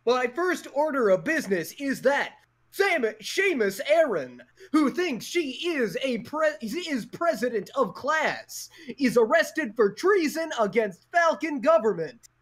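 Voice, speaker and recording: A pompous villain emperor declaring his takeover in grand, theatrical tones, as a man puts him on. The voice bounces with lively pitch. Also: unhurried, heavily acted. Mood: proclaiming. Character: pompous male villain emperor seizing a school.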